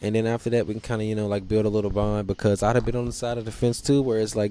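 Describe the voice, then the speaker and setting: A man's voice: on the low side, fairly even intonation, fast, hardly any pauses, warm tone. A young man hosting his own podcast, chatting casually in a blunt, profane, joking way. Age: young adult. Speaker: podcast host. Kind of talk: casual solo chat.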